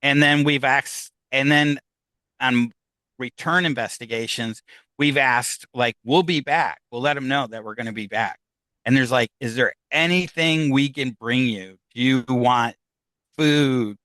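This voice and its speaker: A man's voice: mid-range voice, unhurried, bright, forceful tone, no echo. A man who investigates the paranormal, chatting casually in an interview, rambling with many restarts and fillers. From United States.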